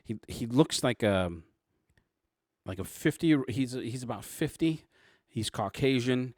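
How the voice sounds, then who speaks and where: A man narrating a tabletop role-playing game as game master, describing scenes in halting, restarting sentences. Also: mid-range voice, animated, a little mellow, dry recording, studio quality.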